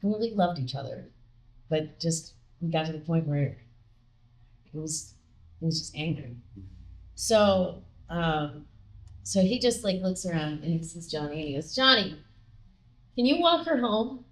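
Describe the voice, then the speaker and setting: A woman guest telling a personal story in an animated way, acting out the dialogue she quotes. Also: sits low, unhurried, long pauses. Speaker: podcast guest; singer with a record contract.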